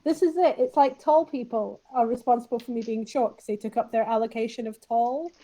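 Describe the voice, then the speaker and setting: A woman's voice: a little high, fairly even intonation, a little fast, warm tone, poor audio. Wry Glaswegian woman, teasing banter. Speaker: tabletop game player. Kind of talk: casual chat among players.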